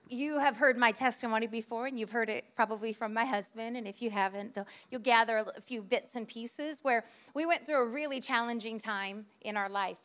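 On the high side with a sharp, clean tone, this woman delivers a sermon at a church service as the pastor's wife. She tells humorous stories about herself in a conversational, self-deprecating way, performing the voices of the characters.

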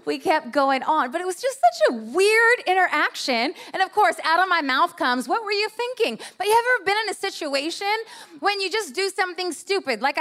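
A woman's voice: high voice, fairly bright tone. A woman preaching to her church, telling funny personal stories in a chatty, self-mocking way and acting out the voices in them. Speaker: pastor's wife preaching. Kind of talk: sermon with storytelling. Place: church service.

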